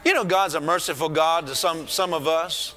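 A man preaching a fervent sermon in a high, ringing voice with a sharp, forceful edge. He calls out praise between points and lifts into shouts for emphasis. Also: fairly even intonation, normal speed.

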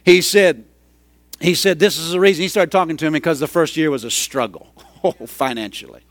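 A middle-aged man preaching a sermon, telling a story and rising into loud, excited hollering. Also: fairly high pitch, fairly quick, no echo. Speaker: pastor.

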